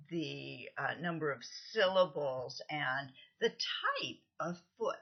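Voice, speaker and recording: A woman lecturer giving a recorded lesson, explaining things patiently, counting out stresses and often pausing with "um". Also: on the low side, breathy edge, muffled recording. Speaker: literature lecturer.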